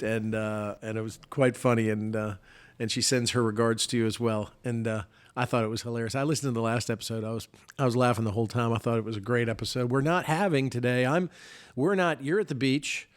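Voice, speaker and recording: A man's voice: medium pitch, steady tone, fairly quick. A middle-aged man co-hosting a podcast remotely, telling stories in casual chat with self-mocking humor. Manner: chatty, self-mocking storyteller. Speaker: podcast co-host. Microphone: remote podcast mic.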